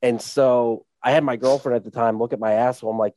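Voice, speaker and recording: A man's voice: medium pitch, fairly even intonation, fast talker, mellow, dry recording. A man in casual podcast chat, joking and profane, telling his own crude story. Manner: joking, profane, laughs often.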